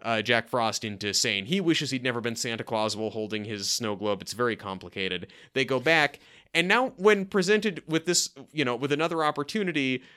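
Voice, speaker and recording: Podcast co-host, male, playful and rambling, bright clean voice. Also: on the high side. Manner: animated, joking, rambling with many restarts. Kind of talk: casual movie-review chat.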